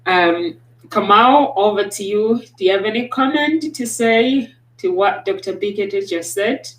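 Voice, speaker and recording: A woman's voice: mid-range voice, measured pace. A woman moderating a panel on a video call, brief and practical as she passes turns. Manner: brief, hands over turns, gives tech instructions. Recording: distant, echoey audio.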